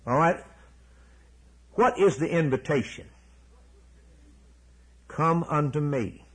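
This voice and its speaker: A man's voice: a little high, lively intonation, slow, breathy edge, low-quality recording. A man preaching a sermon, emphatic and repeating key words, then closing in a prayer.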